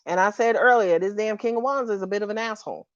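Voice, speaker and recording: A woman doing a live-stream tarot reading, sassy and animated and laughing often. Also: mid-range voice, fast talker, no echo, lo-fi sound. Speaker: tarot reader.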